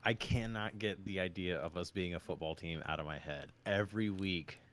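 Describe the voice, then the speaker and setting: Male podcast host, low voice, loose joking delivery, casual live-stream chat. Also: normal speed, fairly bright tone.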